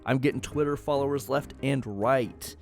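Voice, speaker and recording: A man's voice: medium pitch, flat delivery, normal speed, faint music behind, voice pushed up, lightly acted. A man playing a giddy teenage girl. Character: eager, excitable teenage girl.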